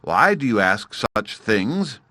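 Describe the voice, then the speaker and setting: A man voicing a sly, menacing crocodile, talking slowly and coaxingly. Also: fairly low pitch, big pitch swings, pushed and bright, no room sound, heavily acted.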